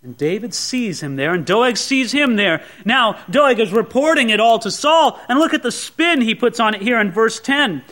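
A man preaching a sermon, teaching through a Bible passage in an animated way and acting out the characters' lines. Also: extremely high pitch, normal speed, few pauses. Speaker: pastor.

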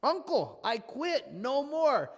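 A man's voice: very high voice, sing-song, slow, big-room sound, pitched above the performer's own voice, exaggerated voice. A man acting out a defeated pharaoh who gives up, in an exasperated raised voice. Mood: surrendering. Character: defeated male pharaoh giving up, older ruler.

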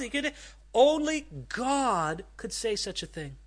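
A man's voice: very high voice, very animated, slow pace. A man preaching a sermon, telling a story with quoted dialogue and putting rhetorical questions to his listeners. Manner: asks the congregation rhetorical questions. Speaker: pastor.

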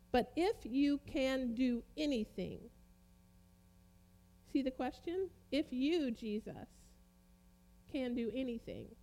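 High-pitched woman preacher, emphatic sermon delivery with dramatic pauses. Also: lively intonation, dark tone. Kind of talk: sermon, reading and comparing Bible translations.

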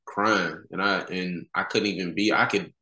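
Low-voiced man, casual, roomy echo. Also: steady tone, normal speed, pushed and bright. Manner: casual slangy talk, many "you know" fillers. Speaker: podcast guest. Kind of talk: candid conversational storytelling.

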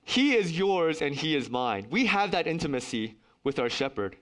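Male pastor, middle-aged, high and animated voice, earnest sermon delivery with dry humor. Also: normal speed. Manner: earnest, emphatic preaching with wry asides.

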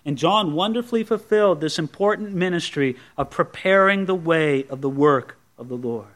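A man's voice: a little high, moderate pace. A man preaching a sermon, teaching through a Bible passage verse by verse with conversational asides to the congregation. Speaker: pastor.

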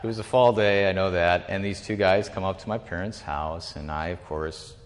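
A man with a somewhat low voice teaches a group in a loose, conversational way, circling back and correcting himself as he goes. His talk rings with the long reverb of a hall. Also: fairly even intonation, normal speed, few pauses. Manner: rambling, self-correcting, chatty with asides.

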